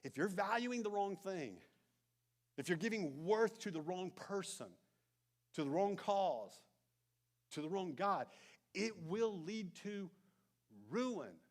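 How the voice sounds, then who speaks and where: A man preaching a sermon as pastor, telling a story with animated emphasis and then dropping into soft, intense asides. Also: high voice, slow, pauses often. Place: church sanctuary.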